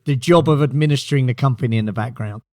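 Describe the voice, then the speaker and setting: A man's voice: medium pitch, quick pace, a little mellow, dry recording. A middle-aged British man, a company chief executive, answering interview questions with dry, understated humor. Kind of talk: podcast interview guest.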